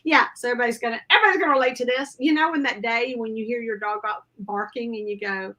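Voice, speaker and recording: A woman's voice: a little high, fast, hardly any pauses, sharp tone. A woman chatting casually as a craft show host, rambling through a story and acting out the quotes. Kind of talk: casual chat.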